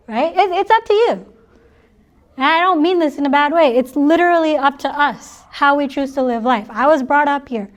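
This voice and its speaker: A middle-aged woman speaks to a gathered audience in a high voice. She is chatty and playful, and she laughs easily while she teaches. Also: moderate pace. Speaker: spiritual talk speaker. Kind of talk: informal spiritual talk to an audience.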